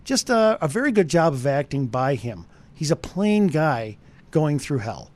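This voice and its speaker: A man giving a conversational radio movie review, animated and speaking straight to the listeners. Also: a little high, a little slow.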